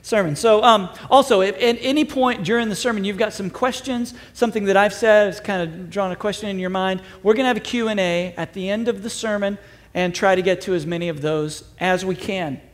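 High-voiced upbeat male pastor in a hall. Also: a little fast. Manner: upbeat, conversational, self-deprecating humor. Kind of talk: sermon. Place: church auditorium. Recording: long hall reverb.

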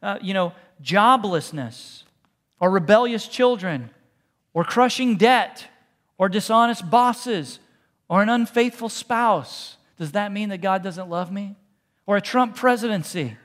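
A man preaching a sermon as pastor, talking casually and with humor, then softening to quiet, hushed repetitions. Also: sits high, animated, measured pace. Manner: conversational, joking preaching that drops to soft, hushed repetitions. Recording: long reverb in a large hall.

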